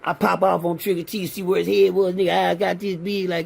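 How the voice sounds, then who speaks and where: A man's voice: high-pitched, level tone, a little fast, creaky, slightly rough. A man telling his prison stories in a blunt, profane, streetwise way, acting out the other men's lines as he goes. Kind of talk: profane storytelling in casual chat.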